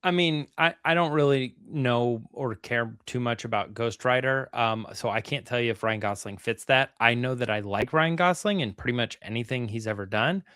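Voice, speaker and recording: A man co-hosting a relaxed podcast, feeling his way through his points with pauses and restarts. His voice sits at an ordinary middle pitch. The recording is dry and close. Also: smooth, no room sound. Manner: easygoing, hesitant, full of fillers and restarts. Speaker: podcast co-host. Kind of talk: casual podcast chat.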